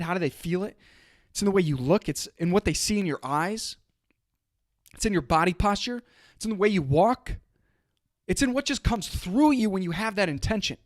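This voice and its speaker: A high-pitched man in his thirties delivers a motivational podcast monologue straight into a studio microphone. He speaks with fiery emphasis and hammers home repeated phrases. The sound is dry, with no room around it. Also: dry recording. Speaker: podcast host and coach. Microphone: studio microphone and camera.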